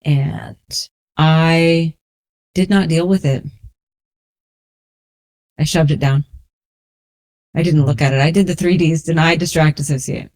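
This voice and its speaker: A woman in her forties from New Orleans, a resilience coach telling her personal story as a podcast guest in a slow, reflective, earnest way. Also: deep voice, fairly even intonation, a little mellow, no room sound. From New Orleans, USA.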